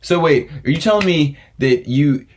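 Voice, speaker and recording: A man's voice: on the high side, lively intonation, normal speed, a little hiss or hum. Profane ranting young man. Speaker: podcast host. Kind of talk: casual chat.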